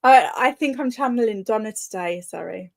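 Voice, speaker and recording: A woman's voice: on the high side, expressive, moderate pace, vocal fry, a little mellow. A woman hosting a live reading sprint, chatting casually and greeting commenters by name, often laughing. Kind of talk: casual live-stream chat.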